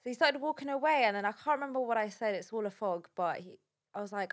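A woman telling a personal story in a halting, shaken way, with many fillers. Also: on the high side. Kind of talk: casual spoken account.

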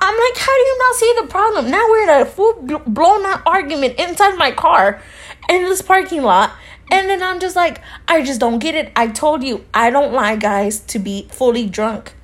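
Animated, high-voiced woman telling a story. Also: moderate pace. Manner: animated, acts out both sides of conversations, swears freely; drops Spanish phrases into her talk. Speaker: podcast co-host. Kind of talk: casual chat, telling a story.

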